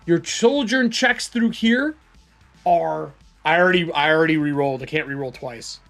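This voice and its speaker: A man's voice: fairly high pitch, moderate pace, vocal fry, a bit bright, soft background music. A man narrating a solo tabletop game casually, thinking aloud as he rolls dice.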